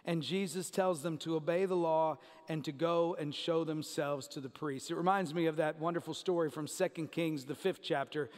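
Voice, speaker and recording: A man's voice: a little high, fairly even intonation, normal speed, few pauses. A man preaching a sermon in a conversational way, speaking to the congregation in a church sanctuary. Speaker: pastor. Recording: long church reverb.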